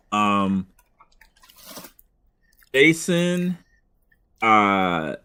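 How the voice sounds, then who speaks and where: A man running a tabletop game as game master, talking in halting stretches full of fillers and restarts. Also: medium pitch, fairly bright tone.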